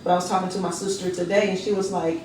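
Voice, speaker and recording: A woman softly retelling a personal story, often quoting her sister's words. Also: lowish voice, little pitch movement, rapid-fire, a little hiss or hum. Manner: soft-spoken, quotes others in retelling. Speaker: interviewee, cancer patient. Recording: roomy, distant mic with faint ambience.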